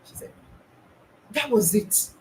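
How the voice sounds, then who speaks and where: A woman's voice: slow, dark tone, slight background noise, poor audio. A woman school psychologist, talking earnestly to teachers about classroom practice, often restarting and repeating her points.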